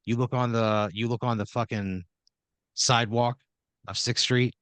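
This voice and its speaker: Man, comedy podcast host, loose filler-heavy improv narration, mid-pitched, dry room. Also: steady tone, a little slow, fairly bright tone, smooth, dry recording. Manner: rambling, filler-heavy second-person narration. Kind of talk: improvised storytelling.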